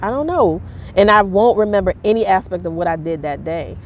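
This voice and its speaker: A woman talking candidly to camera in a personal vlog, halting, with many fillers and restarts. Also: mid-range voice, darkish tone, a little hiss or hum. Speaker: vlogger.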